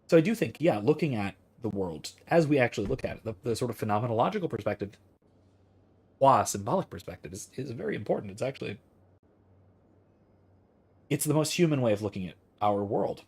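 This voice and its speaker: A man's voice: medium pitch, expressive, a little fast, darkish tone, husky. A man in his thirties, a streamer talking through philosophy in a casual, rambling way as he thinks aloud and answers chat.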